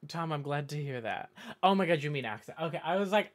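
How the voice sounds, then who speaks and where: A man's voice: on the high side, expressive, brisk, fairly bright tone. A man from the northeastern US chatting casually on a live stream, reading viewer comments and drifting off on tangents. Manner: rambling, talks in tangents with many self-corrections.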